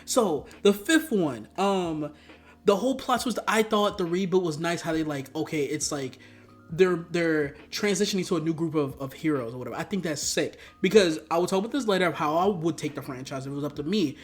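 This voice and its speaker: A man reviewing movies in a casual rant. He swears a lot, rambles, and breaks into sudden loud outbursts. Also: a little high, animated, brisk, soft background music.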